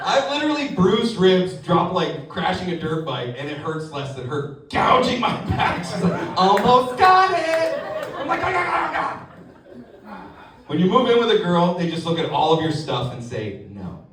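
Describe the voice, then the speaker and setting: Young male comic, high voice, lively storytelling, echoey club sound from a distant mic. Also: moderate pace, hardly any pauses. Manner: animated storytelling, acts out voices of others. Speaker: stand-up comedian. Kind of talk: stand-up comedy set. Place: comedy club stage. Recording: echoey club mic with crowd laughter, from far off. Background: audience laughing.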